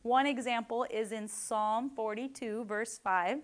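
A woman's voice: on the high side, measured pace. A woman giving a casual devotional Bible teaching in a chatty way, tagging "right?" and "like," and acting out the people she quotes. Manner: chatty, many "like" and "right?" tags; acts out quoted people with lively voices.

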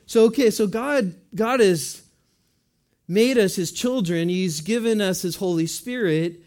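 A man's voice: sits high, measured pace, darkish tone. A man preaching a conversational sermon as a pastor, asking the congregation questions and answering in little voiced asides.

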